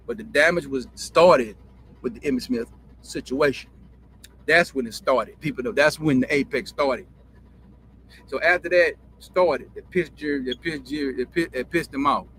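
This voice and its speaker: A man's voice: medium pitch, fairly bright tone, a little hiss or hum. A man hosting a sports talk show, telling a story in a profane, repetitive, heated rant. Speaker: host. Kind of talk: ranting sports commentary.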